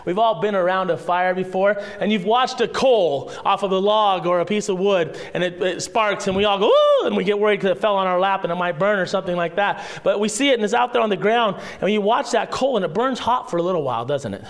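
A male pastor delivers a sermon in a loose, conversational style. His voice sits high for a man. He asks the room questions, wanders into asides, and sinks to a hushed tone to drive a point home. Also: fast talker, few pauses. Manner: drops to a hushed voice for emphasis.

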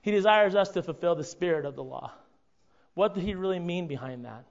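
A man preaching a conversational sermon to his congregation, often checking in with a quick "right?". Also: high-pitched, animated, vocal fry. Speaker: pastor. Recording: dull lo-fi recording.

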